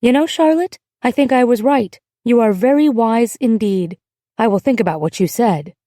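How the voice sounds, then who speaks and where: A woman voicing a gentle, glamorous young neighbor. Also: a little high, moderate pace, no echo, studio quality, lightly acted. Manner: gentle and kindly.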